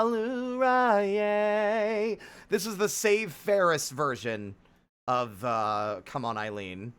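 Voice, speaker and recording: A man's voice: medium pitch, pushed and bright. A man in his thirties streaming live, chatting casually in a profane, self-deprecating, rambling way. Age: 30s.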